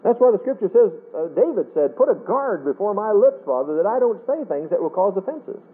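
Man, preacher, high voice, folksy and earnest, thin phone-like radio sound. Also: very animated, fairly quick, breathy edge. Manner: folksy, earnest preaching with wide swings in pitch. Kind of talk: sermon. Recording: tinny phone-line radio broadcast.

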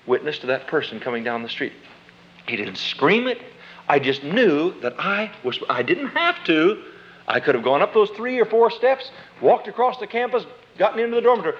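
Male preacher, slightly high voice, folksy storytelling sermon, dull lo-fi tape. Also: expressive, moderate pace. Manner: folksy, conversational storytelling, quoting both sides of dialogue. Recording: dull lo-fi recording.

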